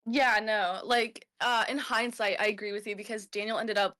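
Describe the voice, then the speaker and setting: A woman's voice: mid-range voice, fairly even intonation, normal speed, sharp tone. A young woman being interviewed over a call. She is easygoing and giggly and calls herself a hyper person. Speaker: guest, former reality-show contestant.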